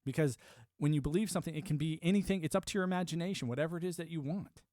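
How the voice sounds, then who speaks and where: A man's voice: a little high, very fast, darkish tone, no echo, studio quality. A man from the United States streaming a casual, rambling monologue, emphatic and prone to repeating words as he restarts his thoughts.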